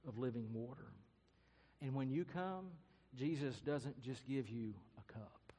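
In a big-sounding room, a man with a mid-range voice preaches a sermon at an unhurried pace. He's a pastor telling a story with earnest drama, letting his volume and speed rise and fall.

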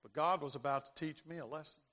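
A man, preaching a sermon and telling a personal story, acting out voices and building to loud emphasis. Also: fairly high pitch, quick pace. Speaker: pastor. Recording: long hall reverb.

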